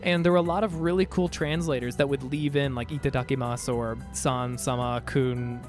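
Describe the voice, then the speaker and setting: A man's voice: mid-range voice, steady tone, normal speed. A man streaming a game, chatting casually and joking with his viewers. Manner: playful, jokey, chatty with viewers. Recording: faint music behind.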